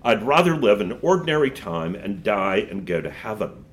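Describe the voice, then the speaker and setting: A man's voice: fairly low pitch, very animated, normal speed. A man reading as an earnest young boy. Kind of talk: reading a storybook aloud.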